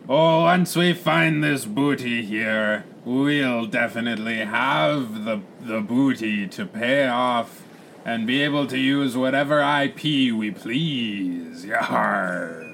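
A man's voice: mid-range voice, takes it slowly, fairly bright tone, slight background noise. A man voicing a forgetful, blustering pirate captain in an improvised comic role-play, growling his lines. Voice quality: gravelly, growling "yarr".

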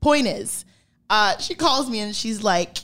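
A woman's voice: fairly high pitch, animated, unhurried, fairly bright tone. A woman co-hosting a podcast, telling stories in casual chat, acting out quotes and swearing freely. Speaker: podcast co-host.

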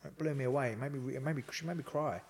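In a rapid-fire, mid-range voice, a man guesting on a podcast rambles through casual stories. He fills gaps with ums and voices the things people said to him.

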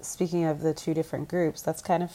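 Speaking over a video call from a resort room, a woman co-hosting a podcast chats casually, acting out quotes and laughing despite a stuffy nose. Her voice is low and dark-toned, fairly flat in pitch, and brisk.

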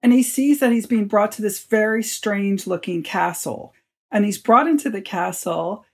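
A woman, an author being interviewed, telling a long story with lively quoted lines. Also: medium pitch, normal speed, husky. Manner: animated storyteller, quotes people in her tale. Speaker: author and guest.

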